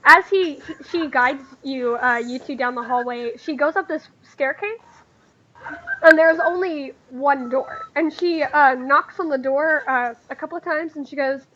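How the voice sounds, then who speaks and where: A woman game master narrates a tabletop game in a high, light voice. She halts often and fills gaps with ums and uhs. The audio is dull and lo-fi over a voice call. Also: a bit bright, slight background noise. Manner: halting, full of fillers.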